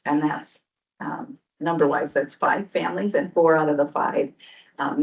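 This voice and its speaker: A woman's voice: sits low, creaky. A woman presenting program results at a public board meeting, explaining steadily with frequent "um" fillers. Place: meeting room. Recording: dull lo-fi meeting recording.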